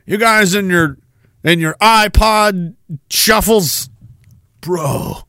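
A man's voice: high-pitched, pushed and bright, smooth, dry recording. A man in his thirties hosting a podcast, ranting in a sarcastic, profane way. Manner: sarcastic, profane, fast-shifting rant. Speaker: podcast host.

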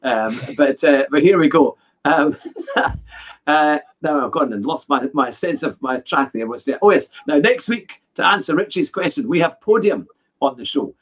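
A Scottish man hosting a live podcast, friendly and quick to laugh. His voice sits a little higher than most men's, and he moves loosely from one viewer comment to the next. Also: animated, husky. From Scotland. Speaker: podcast host.

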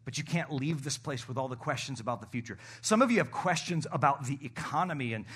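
Bright-voiced pastor preaching. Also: male voice, mid-range voice, lively intonation, quick pace, slightly rough. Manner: preaching with rising emphatic calls to the congregation. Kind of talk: sermon.

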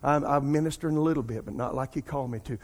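A middle-aged man, a pastor preaching a sermon and telling a personal story in an animated way. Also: medium pitch, very fast. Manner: animated storytelling, addresses congregation as "y'all".

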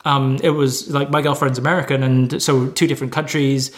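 A man's voice: mid-range voice, flat delivery, a little fast. A man co-hosting a casual chat, earnest and hesitant, often restarting his sentences. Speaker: podcast co-host.

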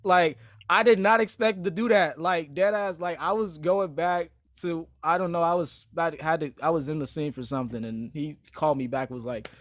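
A man's voice: on the high side, moderate pace, few pauses. A young man hosting a casual chat, telling a rambling story in slangy talk full of fillers. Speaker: podcast host, aspiring actor.

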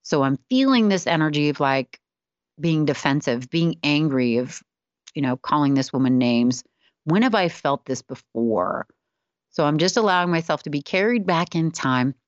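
A woman's voice: sits low, dry recording, lo-fi sound. A middle-aged woman, a spiritual wellness teacher, telling a personal story candidly and often laughing at herself.

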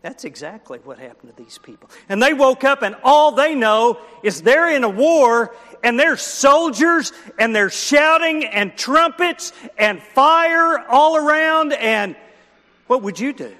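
Very high-pitched and sharp, with big swings in pitch, a man takes his time narrating a story for a children's sermon. He acts out the characters and asks the listeners questions, his words echoing through a long hall reverb.

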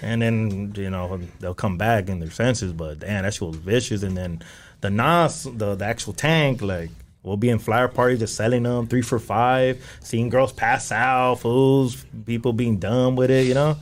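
A man's voice: medium pitch, measured pace. A man in his thirties from the Los Angeles area, telling slangy street stories in casual chat and laughing often. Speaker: podcast guest.

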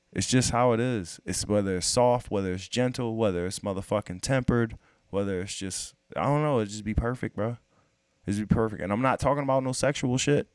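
A man's voice: fairly low pitch, a little mellow, no room sound, studio quality. A man in casual podcast chat, profane and emphatic, pressing his point with rhetorical questions.

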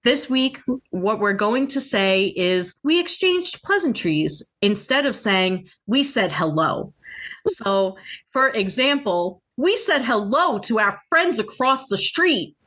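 A woman co-hosting a casual book podcast, playful and quick to laugh. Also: mid-range voice, expressive, a bit bright. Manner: giggly, playful, breaks into laughter. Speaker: podcast co-host.

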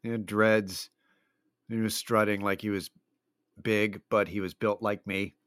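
A man's voice: fairly low pitch, little pitch movement, measured pace, fairly bright tone, clear, resonant tone, dry recording. A man hosting his own show, telling rambling, profane stories in a wry, casual way with lots of fillers. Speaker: podcast host. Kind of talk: casual solo monologue.

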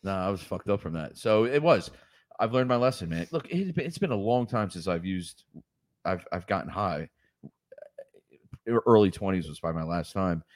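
A man's voice: low-pitched, expressive, moderate pace, dry recording, clean studio sound. Profane, rambling man in his forties. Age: 40s. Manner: profane, rambling, laughs often. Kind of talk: crude casual storytelling.

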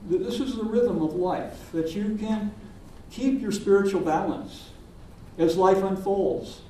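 Older male minister, gentle reflective sermon, mellow tone, heard from across an echoey sanctuary. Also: high-pitched, distant mic, a little hiss or hum. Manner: gentle, reflective storytelling with pauses. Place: church sanctuary.

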